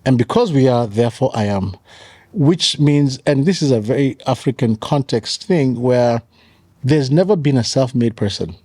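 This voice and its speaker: Earnest man with a mellow voice. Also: medium pitch, animated, moderate pace, dry recording, studio quality. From Kenya. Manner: earnest, repeats key phrases for emphasis. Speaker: pastor and author, guest. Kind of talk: conversational storytelling.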